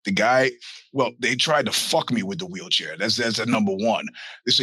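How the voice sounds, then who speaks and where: A man hosting his own show talks through a long, profane anecdote in a bright, cutting voice. The sound is close and dead dry, with no room around it. He keeps jumping into little impressions of the people in his stories. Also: mid-range voice, animated, brisk, slightly rough, dry recording, low-quality recording. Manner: profane storytelling with put-on quoted voices. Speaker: podcast host. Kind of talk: casual monologue.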